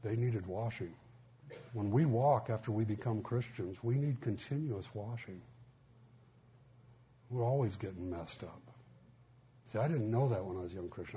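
A man's voice: on the low side, normal speed, pauses often, warm tone. A man preaching a sermon in a folksy storytelling way, acting out quotes. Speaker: pastor. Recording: muffled, faint background hiss.

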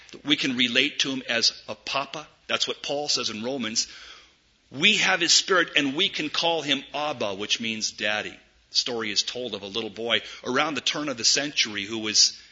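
A man preaching a sermon, swinging from loud emphatic peaks to hushed low asides. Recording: dull lo-fi recording.

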